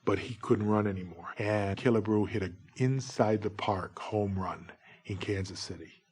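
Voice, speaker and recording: Man, 40s, former umpire, humorous anecdotes, lively and jokey, slightly husky voice. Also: lowish voice, normal speed. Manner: lively, jokey, breaks into shouted umpire calls. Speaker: former baseball umpire telling stories.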